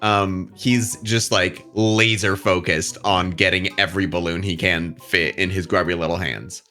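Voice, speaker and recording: A man's voice: low voice, steady tone, unhurried, pushed and bright, soft background music. A man playing a tabletop game, describing his character in a hesitant, playful way. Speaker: player. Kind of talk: tabletop role-play, casual.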